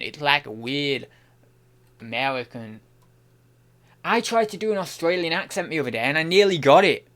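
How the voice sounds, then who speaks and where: Bright-voiced man rambling on stream. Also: fairly high pitch, moderate pace, pauses often. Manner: rambling, thinking aloud, many restarts. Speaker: online reseller and streamer. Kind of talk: casual livestream chat while working.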